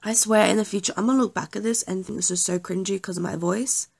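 A woman's voice: mid-range voice, steady tone, quick pace, vocal fry, a little mellow, slightly rough. A young woman chatting casually over gameplay, often apologizing and joking about herself. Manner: self-deprecating, apologetic, chatty. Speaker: gaming YouTuber.

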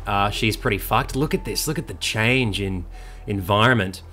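A young Australian man commenting on a video game as he plays, excitable and jokey, swearing a lot. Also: on the low side, moderate pace, soft background music. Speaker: gaming channel host. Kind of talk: let's play commentary.

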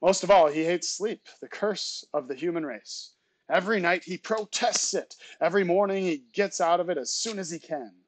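A male teacher reading a novel aloud to his students, with relaxed, chatty asides between passages. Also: high-pitched, normal speed.

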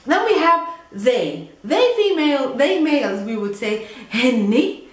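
A woman's voice: sits high, very animated, unhurried, echoey room. A woman with a Palestinian Arabic accent gives a casual language lesson, chatting and often checking in with "okay?" and "mm?". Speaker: Arabic teacher.

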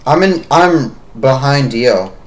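Excitable young-sounding gamer guy. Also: medium pitch, slow. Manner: excitable, yelps and shouts in panic. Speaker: gamer playing with friends. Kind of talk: excited gaming chatter.

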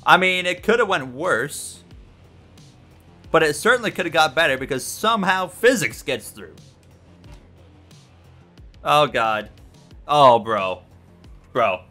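A man giving excitable, jokey let's-play commentary on a racing game, yelping and repeating himself when things go wrong. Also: fairly high pitch, a little slow, pauses often, faint music behind. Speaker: gaming YouTuber.

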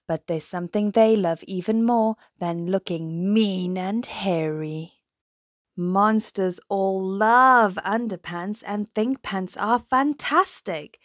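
A woman reading a rhyming children's picture book aloud in a slow, rhythmic way. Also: medium pitch, no room sound, clean studio sound. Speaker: storyteller.

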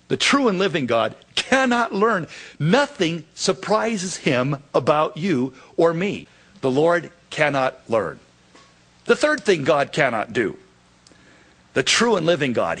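Brief: male pastor, slow deliberate sermon, husky tone, acts out the dialogue. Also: a little high. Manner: animated preaching, acts out dialogue in quotes.

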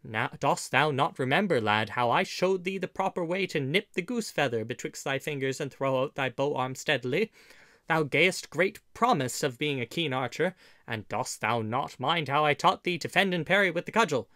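A man's voice: on the high side, lively intonation, normal speed, sharp tone, no room sound, clean studio sound. A man voicing a bold, boisterous outlaw leader in an audiobook, speaking with hearty, emphatic old-fashioned speech. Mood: delighted. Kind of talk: audiobook character reading.

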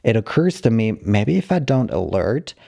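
A man calmly reading a short story aloud, narrating in the plain, halting voice of a dog. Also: on the low side, vocal fry. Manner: calm, measured reading of a dog's broken-English narration. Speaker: story reader.

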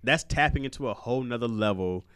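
A man's voice: medium pitch, fast talker, fairly bright tone, clear, resonant tone, no room sound, studio quality. A man in his thirties hosting a podcast, talking loosely and profanely and laughing often. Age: 30s. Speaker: podcast host. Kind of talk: casual podcast chat.

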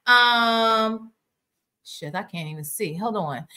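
A woman's voice: medium pitch, normal speed. A woman hosting a casual reaction livestream, outspoken and swearing freely as she talks to her viewers. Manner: outspoken, profane, animated. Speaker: livestream host.

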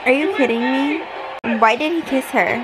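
A woman's voice: sits high, normal speed, poor audio. A young woman vlogger reacting emotionally to a TV finale, gasping and exclaiming at the screen.

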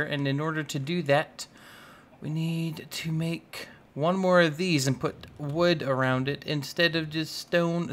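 A man's voice: fairly high pitch, a bit bright. A young man doing casual, playful commentary on his own gameplay, scolding the animals in the game and muttering to himself as he plays. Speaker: gaming YouTuber. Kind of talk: casual Let's Play commentary.

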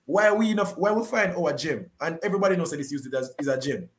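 A man's voice: on the high side, expressive, fast. A Jamaican man on a discussion panel, speaking with passion and repeating his points.

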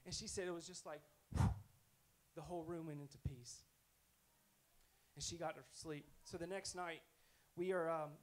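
A man's voice: fairly high pitch, low-quality recording. A man preaching a sermon in a conversational, earnest storytelling way. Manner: conversational, earnest, self-correcting.

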